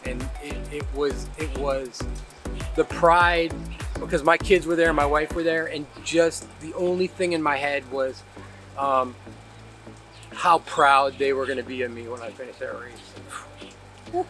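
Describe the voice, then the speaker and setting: A man's voice: on the high side, fairly even intonation, a little slow, fairly bright tone, faint music behind. A middle-aged man, a paddler, telling emphatic, reflective stories about long-distance ocean racing. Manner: emphatic, reflective, laughs mid-story. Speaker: interviewee, paddler. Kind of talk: animated storytelling.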